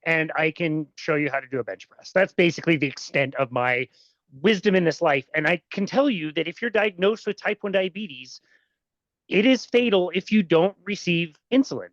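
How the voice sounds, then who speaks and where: A podcast host who jokes at their own expense and gets animated while reacting. The sound is dull and lo-fi. The room is dry and close. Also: mid-range voice, normal speed, dry recording. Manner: self-deprecating, animated. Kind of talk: podcast interview.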